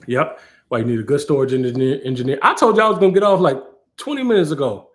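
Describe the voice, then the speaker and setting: An animated, playful man hosts a live tech Q&A. He keeps the talk loose and acts out little scenes along the way. His voice sits a bit high for a man, and the room adds a clear echo. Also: fast, a little hiss or hum. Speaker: cloud architect hosting a live Q&A. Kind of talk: casual livestream talk. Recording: roomy echo.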